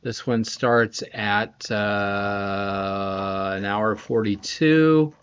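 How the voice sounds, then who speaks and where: Speaking very slowly in a fairly low, smooth and slightly bright voice, a middle-aged composer chats on a casual live stream of his scoring session from his home production studio. He yawns sleepily, rambles amiably and greets viewers by name over slightly dull lo-fi audio.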